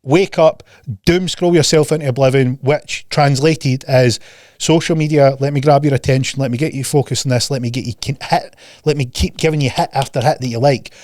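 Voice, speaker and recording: A man's voice: medium pitch, steady tone, a little fast, a little mellow, dry recording, studio quality. A man hosting a podcast in a casual chat, ranting bluntly and profanely and mocking people with put-on voices. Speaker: podcast host.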